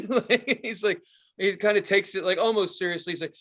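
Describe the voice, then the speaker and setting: A man's voice: sits high, fairly quick. Profane storytelling podcast guy. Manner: profane, animated storytelling with loud acted-out quotes. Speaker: podcast co-host. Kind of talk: casual podcast chat.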